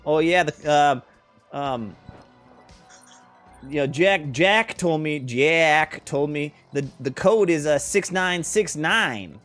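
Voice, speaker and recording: A brash contractor with a put-on Boston accent, as a game master does the voice, pitched up high and pushed loud. He talks breezy and eager, a streetwise guy in a live tabletop game. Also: animated, fast, hardly any pauses, soft background music, lightly acted. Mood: cocky.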